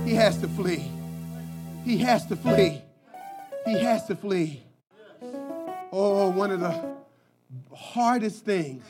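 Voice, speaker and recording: A male pastor preaching an impassioned sermon, moving between shouted cries and hushed, quiet passages. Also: very high-pitched.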